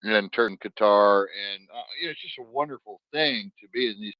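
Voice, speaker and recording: A man hosting a podcast, chatting in a rambling, animated way and swearing freely. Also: fairly low pitch, fairly quick, no room sound, highs cut off. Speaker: podcast host. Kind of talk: casual podcast chat.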